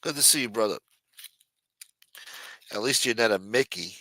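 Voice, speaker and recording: A man's voice: lowish voice, moderate pace, sharp tone, no room sound. A man hosting a late-night livestream, chatting casually and profanely while reading viewer messages. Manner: loose, profane, jokey banter reading viewer chats. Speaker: livestream show host.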